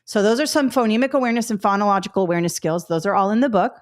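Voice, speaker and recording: Woman, webinar instructor, upbeat, mid-range pitch, repeats sound drills, frequent check-ins. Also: very fast. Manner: upbeat, modeling speech sounds with drilled repetition; checks in with listeners often. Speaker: test prep instructor. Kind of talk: live teaching webinar.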